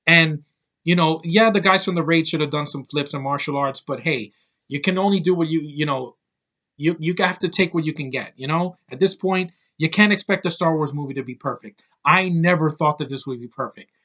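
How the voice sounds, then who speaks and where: A man in his thirties reviews a film in a loose, ranting way. He is blunt and swears freely, wandering off on tangents and padding his talk with fillers. His voice sits a little higher than most men's. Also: fairly quick, bright, forceful tone, highs cut off. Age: 30s. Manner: blunt, profane, rambling with many fillers. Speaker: movie reviewer. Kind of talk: casual rant-style film review.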